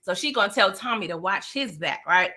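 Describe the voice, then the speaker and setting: A woman from New York casually recapping a TV episode, chatty and sassy with animated asides. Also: mid-range voice, brisk. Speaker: TV recap vlogger.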